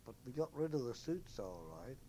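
Older man, former seaman, mid-pitched voice, unhurried anecdotal recollection. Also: animated, dark tone, slight background noise. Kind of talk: oral history recollection.

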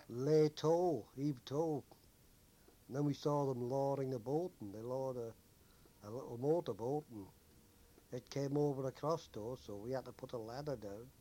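An older man, a former merchant seaman, recalling wartime memories in an unhurried, anecdotal way. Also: mid-range voice, dark tone, a little hiss or hum. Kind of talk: oral history recollection.

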